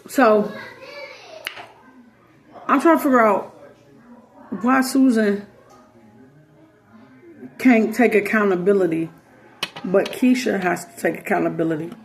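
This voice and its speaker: A woman, telling a story in casual commentary, animated and slangy, acting out the quoted voices. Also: mid-range voice, slow pace, pauses often.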